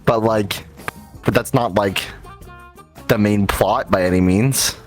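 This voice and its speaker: A man co-hosting a casual live-streamed talk show, rambling and laughing, his voice jumping up when excited. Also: on the low side, slow pace, faint music behind. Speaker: co-host.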